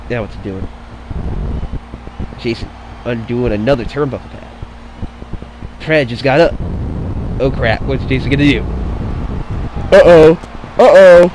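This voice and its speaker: Swearing and excitable, a man offers loose play-by-play on a wrestling game match and keeps slipping into rambling side remarks. He speaks at a medium pitch over a noisy background.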